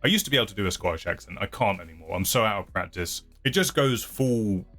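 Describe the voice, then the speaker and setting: A man's voice: lowish voice, expressive, fast talker, a bit bright, soft background music. A man hosting his channel who chats casually through viewer comments, rambling, hedging and often laughing at himself. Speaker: channel host.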